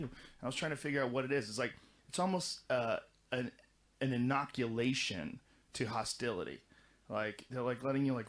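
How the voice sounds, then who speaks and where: A middle-aged man in casual podcast conversation, telling long, animated stories full of swearing and restarts. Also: medium pitch, moderate pace. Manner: animated, profane, rambling storytelling. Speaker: podcast guest recounting experiences.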